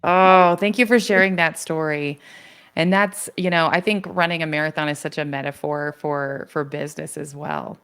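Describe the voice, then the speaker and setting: A woman's voice: low-pitched, fairly even intonation, normal speed, a bit bright, clean tone. A woman hosting an interview show, affirming her guest enthusiastically and sharing her own thoughts. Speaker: podcast host. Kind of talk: conversational interview.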